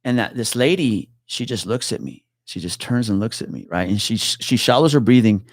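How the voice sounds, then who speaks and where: Speaking at a moderate pace in a lowish voice, a middle-aged man who retired from the police force casually relates a tense episode in an interview. He swears, stays animated, and mimics the voices of those involved, and the studio sound is clean with no room noise.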